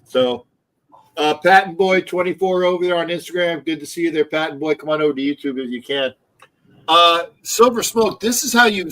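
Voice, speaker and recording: A man's voice: a little high, a bit bright, low-quality recording. A man hosting a casual sports livestream, rambling with many restarts and the odd swear word. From Philadelphia area. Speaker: livestream host.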